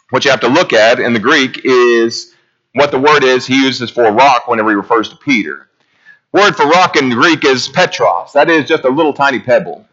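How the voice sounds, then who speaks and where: A man preaching a sermon in a church, earnest and full of rhetorical questions, his voice swelling high and then dropping low. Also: expressive, brisk, fairly bright tone, dull audio.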